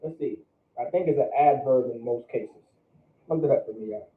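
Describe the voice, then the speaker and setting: A man's voice: mid-range voice, moderate pace. Man teaching a class over an echoey, tinny line. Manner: conversational, asks the class questions, repeats words.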